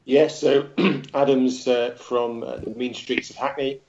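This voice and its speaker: A man's voice: medium pitch, fairly even intonation, unhurried, darkish tone. A man, a tabletop player, describing his character casually and hesitantly. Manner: hesitant, lots of fillers. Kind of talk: casual chat. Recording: dull lo-fi sound.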